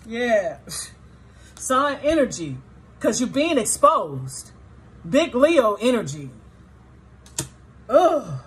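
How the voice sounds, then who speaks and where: A woman's voice: a little high, very animated, very slow, long pauses, husky. Blunt, profane woman reading tarot. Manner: blunt and profane, speaking straight to the audience; emotionally charged, swings between sorrow and indignation. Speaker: tarot reader. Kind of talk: tarot reading addressed to viewers.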